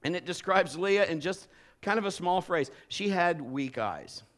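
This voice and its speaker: A man's voice: sits high, measured pace. A male pastor preaching a sermon and telling stories with humor and energy. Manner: animated, humorous storytelling.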